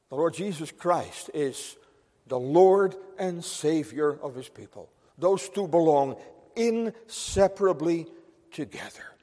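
A man preaching a sermon in an earnest, emphatic way, swinging between loud stress and quiet. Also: fairly high pitch. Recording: long hall reverb.

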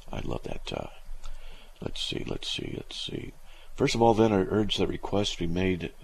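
A man hosting a Bible teaching show, animated and emphatic, his voice jumping high when he gets excited, pausing to look up verses as he thinks aloud. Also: gravelly, husky.

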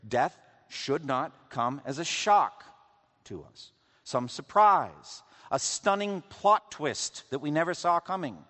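A man's voice: medium pitch, expressive, unhurried, a bit bright. A man preaching a sermon as pastor, reading scripture aloud with conversational, wry asides to the congregation. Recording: long reverb of a large hall.

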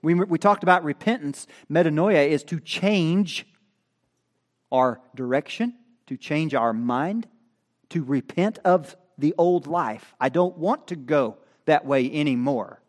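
Male pastor mid-sermon on a stand mic; a fairly high voice that swings from calm teaching to loud emphasis. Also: unhurried. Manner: animated preaching, rising loud at emphasis, chatty asides. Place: church sanctuary. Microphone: stand microphone.

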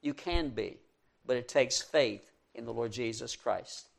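A man preaching a sermon as pastor, earnest and slowing to stress key words, then leading a prayer. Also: mid-range voice, vocal fry.

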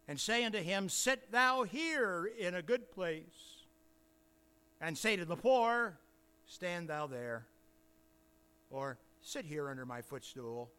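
A man preaching an expository sermon, reading scripture slowly with emphatic pauses, and a faint hum in the recording. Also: a little high, a bit bright. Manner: slow, deliberate, emphatic reading with dramatic pauses. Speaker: pastor.

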